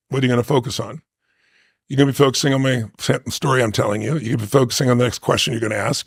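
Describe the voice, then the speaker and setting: Gravelly husky man telling a story. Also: mid-range voice, no echo, studio quality. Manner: emphatic, conversational with frequent "right?" tag questions. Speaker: interview guest. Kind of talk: storytelling interview answer.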